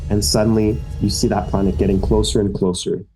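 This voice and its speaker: Lowish guy running a tabletop game, lots of "um" and "right?", music faint behind. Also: brisk, low-quality recording. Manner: energetic storytelling with fillers. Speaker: game master.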